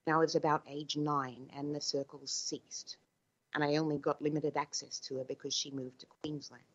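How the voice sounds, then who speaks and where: A woman's voice: low voice, flat delivery, normal speed, slightly rough, lo-fi sound. A woman from Australia with an Australian accent, chatting bubbly and laughing easily as a podcast guest over a remote call. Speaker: guest paranormal investigator. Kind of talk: casual podcast chat. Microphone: remote call mic.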